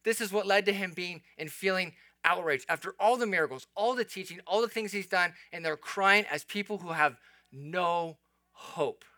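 A man delivering a sermon in an earnest, explanatory way, breaking into casual asides to the congregation. His voice is bright and sits somewhat high. The sound is dry and close, with no room around it. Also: moderate pace, dry recording. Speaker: pastor. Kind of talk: expository sermon.

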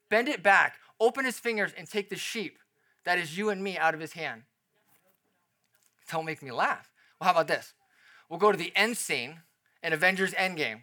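A man preaching a sermon as pastor, emphatic and animated, asking rhetorical questions and lowering to a quiet tone for reassurance.

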